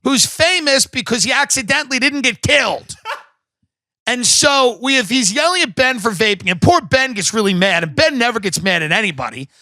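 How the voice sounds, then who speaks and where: A man's voice: very high voice, animated, moderate pace, bright, forceful tone, a little hiss or hum. A man hosting a podcast, delivering a comedic, profane and emphatic rant. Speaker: podcast host.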